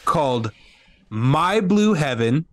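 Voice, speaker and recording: A man's voice: on the high side, very animated, slow pace, fairly bright tone. A man co-hosting a casual podcast, friendly and asking the guest questions. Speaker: podcast co-host.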